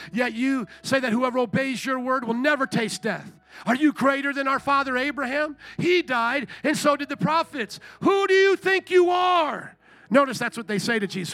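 High, bright-voiced emphatic preacher man. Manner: emphatic, conversational preaching with sudden raised shouts. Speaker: pastor. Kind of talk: sermon. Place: church sanctuary.

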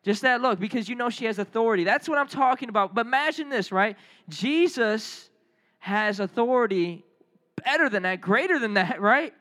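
Guy preaching a sermon, super high bright voice, tells stories and gets the room to shout back. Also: normal speed. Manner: lively, storytelling, calls on the crowd to respond.

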